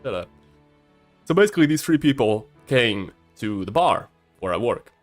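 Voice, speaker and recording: A man's voice: medium pitch, normal speed, soft background music. A man in his early twenties, a streamer casually telling a story, shy and prone to stammering. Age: early 20s. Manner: shy and stammering, with a swinging, lively delivery.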